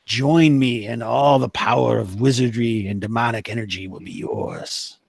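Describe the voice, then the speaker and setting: Man doing a sultry sorceress, purring and scheming, flat dry tabletop-game sound. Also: medium pitch, moderate pace, gravelly, dry recording. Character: sultry scheming female sorceress, evil magic-user.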